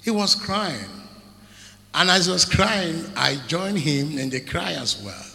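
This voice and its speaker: A man preaches with a lively, swooping delivery, leaning hard on rhetorical questions and repeated phrases. His voice is bright and fairly high for a man, and every word rings out in a hall with a long echo. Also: gravelly. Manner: emphatic preaching with rhetorical questions and drawn-out repetition. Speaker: pastor. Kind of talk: sermon. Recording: echoey hall with long reverb.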